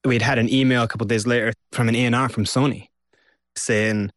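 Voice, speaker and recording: A Scottish man tells his story as a guest in an interview, lively, and he acts out what others said. His voice sits at a middle pitch. The sound is dry and close, with almost no room. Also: fast talker, dry recording. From Scotland. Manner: animated, acts out quotes.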